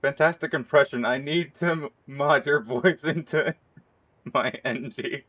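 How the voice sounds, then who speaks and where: A hoarse man streaming and chatting casually, rambling and laughing often. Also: medium pitch, unhurried, a bit bright. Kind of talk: casual live-stream chat.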